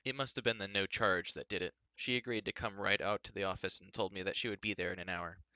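Brief: male reader, low and bright-toned, dry wry narration, close dry recording. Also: no room sound, muffled recording. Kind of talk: reading a novel aloud.

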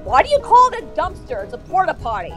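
A woman's voice: sits high, huge pitch swings, fairly bright tone, faint music behind, poor audio. A young woman co-hosting a game playthrough, playful and swearing, mocking the characters. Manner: slow, playful, swearing, mock voices. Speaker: gaming channel co-host. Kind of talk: casual gameplay banter.

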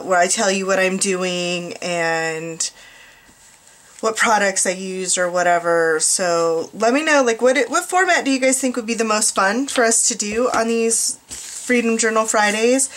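A woman's voice: medium pitch, fairly bright tone. A young American woman chatting casually and rambling to viewers while she makes an art journal page at home, often asking them questions. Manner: chatty, self-deprecating, asks viewers questions. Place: small apartment art desk. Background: faint dog noise.

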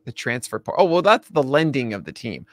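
A man with a bright, forceful voice co-hosts a casual baseball talk show. His pitch swings widely as he gets excited, and he laughs often and trips over his own restarts. The sound is dry and close. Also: fairly quick, no echo. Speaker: podcast co-host.

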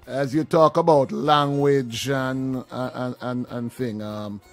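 Male host, mid-pitched voice, relaxed interviewer, soft music in the background. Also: slow. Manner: relaxed, reads out listener questions. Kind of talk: casual interview.

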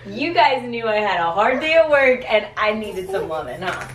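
A woman's voice: mid-range voice, sing-song, normal speed, background noise. A woman visiting the toddlers after work, affectionate and laughing often in casual family chat. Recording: roomy sound from a distance.

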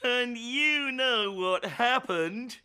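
A man narrating a children's story in a playful, expressive way, inviting children to join in. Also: very high voice, very slow. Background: children's music.

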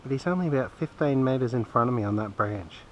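An Australian man vlogging from a riverbank in the bush, talking softly on a phone camera, his soothing voice lilting up when he speaks to a bird. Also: medium pitch, animated, a little fast, dull audio. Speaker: fishing vlogger. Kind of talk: outdoor commentary to camera. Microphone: phone camera mic. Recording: faint outdoor background noise.

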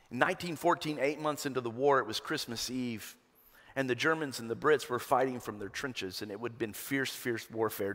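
A man preaching a sermon as pastor, rising to loud emphatic peaks and dropping to hushed lows. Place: church sanctuary. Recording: long hall reverb.

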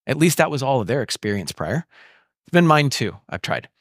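A man preaching a sermon in an animated, conversational way, often asking the listeners questions. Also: medium pitch, a little fast, no echo, clean studio sound. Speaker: pastor. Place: church.

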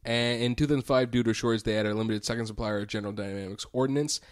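A man's voice: medium pitch, steady tone, very fast, a little hiss or hum. A man co-hosting a comedy podcast, explaining facts with wry joking asides. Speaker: podcast co-host. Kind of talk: casual comedy podcast chat.

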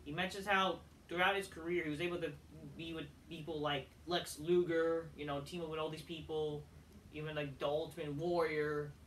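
A man's voice: on the high side, little pitch movement, moderate pace, a bit bright, distant mic, slight background noise. A man reviewing a wrestling show in a heated, profanity-laden rant.

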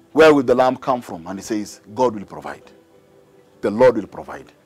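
A man's voice: medium pitch, husky. A man with a Kenyan accent preaching a sermon, engaging the congregation with questions and repetition. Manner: animated, call-and-response with the congregation. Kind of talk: sermon mixing English and Swahili.

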